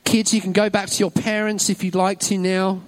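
Guy doing the kids' talk at church, pretty high voice, upbeat, keeps cheering them on. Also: little pitch movement, a little fast. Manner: upbeat, encouraging, praises every answer. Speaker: church children's talk leader. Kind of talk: children's talk in a church service. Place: church hall with an audience.

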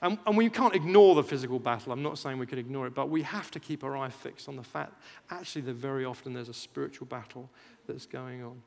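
A man preaching a sermon, animated, jumping loud for emphasis and acting out chants. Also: mid-range voice, quick pace, gravelly. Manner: animated, rises loud for emphasis, acts out chants, laughs at himself. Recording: long hall reverb.

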